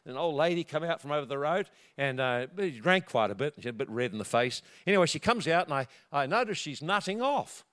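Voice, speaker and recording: A man's voice: very animated, fast talker, hardly any pauses. A man preaching a sermon, telling a personal story and acting out the voices in it. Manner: storytelling, acting out quotes with big swings of pitch and loudness.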